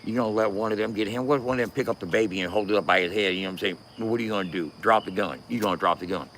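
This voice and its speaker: A man's voice: lowish voice, very fast, fairly bright tone, slight background noise. A man giving a casual, profane rant as a commentator, cursing and laughing often.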